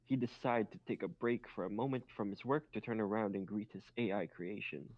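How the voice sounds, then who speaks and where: A man's voice: fairly low pitch, a little fast, no echo, dull audio. A man reading fan fiction aloud, stumbling on awkward grammar and making joking asides. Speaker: reader.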